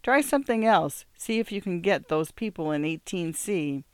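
An excitable young wife, eager and gossipy, her voice lifting above the narration, as a reader puts her on. The tone stays smooth and close, with a dry sound. It fits a storybook reading. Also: medium pitch, normal speed, dry recording, lightly acted. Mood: excited.

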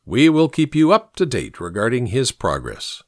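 A man's voice: medium pitch, huge pitch swings, normal speed, no room sound, studio quality. A man voicing a formal radio announcer.

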